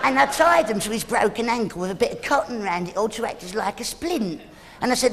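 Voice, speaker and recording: A man's voice: sits high, animated, quick pace. A man doing live stand-up comedy on a theatre stage, rambling and teasing the audience. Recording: live theatre, loud crowd laughter.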